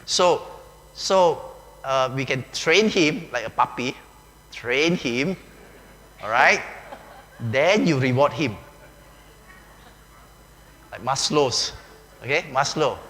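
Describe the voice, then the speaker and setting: Bright-voiced Malaysian pastor, joking. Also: male voice, medium pitch, expressive, slow pace, long pauses. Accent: Malaysian English. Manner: chatty and joking, often says "okay", uses "lah" and "ah". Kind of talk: conversational sermon. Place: large church hall. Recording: echoey hall with faint hum.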